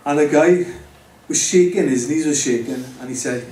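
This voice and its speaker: Man with a mellow voice talking straight to a live audience about his faith, recorded from a distance. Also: on the high side, moderate pace, hardly any pauses. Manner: conversational, speaks directly to the audience. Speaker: speaker giving his testimony. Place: pub or club venue with an audience. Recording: roomy, distant mic with faint background noise.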